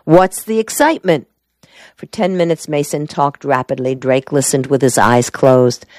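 Woman audiobook narrator, low voice, dry close recording, measured. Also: darkish tone, dry recording. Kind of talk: scripted narration.

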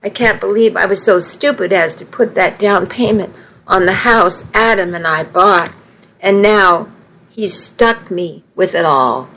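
A woman's voice: medium pitch, measured pace, fairly bright tone, poor audio. A woman voicing a tearful young bride who was jilted at the church, in a pleading manner. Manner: weepy, pleading.

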